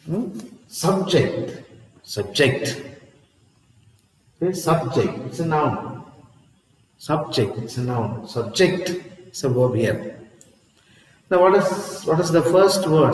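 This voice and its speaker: Slow echoey male teacher. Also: fairly high pitch. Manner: slow, repeats each word, asks "see?" and "huh?". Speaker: English teacher. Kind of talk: classroom lesson. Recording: echoey room with long reverb.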